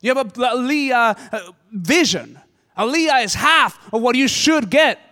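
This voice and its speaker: A man's voice: very high-pitched, lively intonation, a little slow, pushed and bright. A man preaching a sermon as pastor, impassioned and conversational. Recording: hall reverb.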